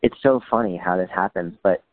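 A man's voice: low-pitched, a little fast. A man chatting as a guest, telling funny stories with dry humor and acting out what people said. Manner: dry humor, quotes people in lively voices. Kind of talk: casual storytelling chat. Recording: dry phone-like audio.

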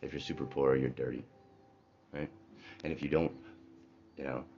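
A man with an extremely deep voice tells a story in a casual, conversational monologue. He keeps checking in with his listeners as he goes. The recording is dull and lo-fi, with faint noise underneath. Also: level tone, moderate pace.

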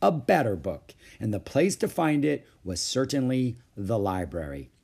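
A man reading a children's book aloud with expressive storytelling. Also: medium pitch, measured pace, creaky, slightly rough. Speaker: storybook reader.

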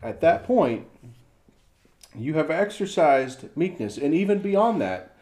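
A middle-aged man co-hosts a casual podcast, telling an example story and lively acting out the quotes. His voice is on the high side, and he speaks at a slow pace.

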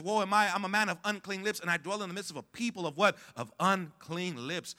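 A male pastor preaching a sermon who calls on the congregation to answer back, swings from hushed to loud, and stumbles over repeated words when worked up. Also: a little high.

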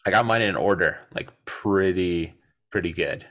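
A man's voice: sits low, moderate pace. A man co-hosting a podcast, chatting casually about a film, laughing easily and poking fun at himself. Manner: laughs easily, lively and self-deprecating. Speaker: podcast co-host. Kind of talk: casual chat about a movie.

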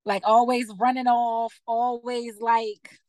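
A woman's voice: on the high side, flat delivery, a little mellow, no room sound. A young woman from West Philadelphia, a musician and actor, chatting as a guest in a friendly, talkative way. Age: young adult. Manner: friendly, chatty, quick to laugh along. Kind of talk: casual interview chat.

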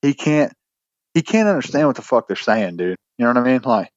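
A man's voice: mid-range voice, big pitch swings, fairly quick, no room sound, muffled recording. A man co-hosting a podcast, telling a long story in a rambling, casual way with lots of swearing and restarts. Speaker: podcast co-host.

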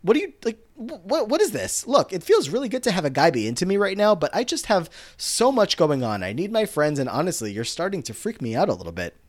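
A man's voice: high-pitched, huge pitch swings, quick pace, few pauses, voice pushed up, heavily acted. A man putting on the voice of an exasperated young woman, flustered and stammering as she pushes off a suitor.

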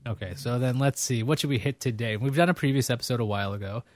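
A man's voice: medium pitch, fast, dry recording. A man hosting a casual interview show, joking and rambling with fillers. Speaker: host.

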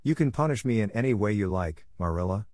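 A man's voice: on the low side, lively intonation, fast, darkish tone, dry recording, clean studio sound, natural voice. A man voicing a defiant, tearful redheaded young girl in a storybook reading, passionate and stubborn. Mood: defiant pleading.

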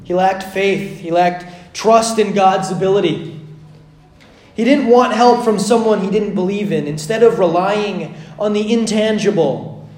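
A man preaching a sermon, swinging between loud, pressing lines and hushed, drawn-out ones. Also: high-pitched, reverberant.

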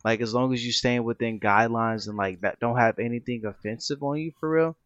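A young man who is a podcast guest, telling stories in a relaxed, slangy way. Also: medium pitch, brisk, no echo, highs cut off. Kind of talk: casual podcast discussion.

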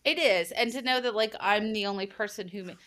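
A woman's voice: mid-range voice, brisk, fairly bright tone. A young woman guest on a podcast, talking in a chatty, reflective way with many "like" fillers. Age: young adult. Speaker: podcast guest, boudoir photographer. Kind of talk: casual conversational interview.

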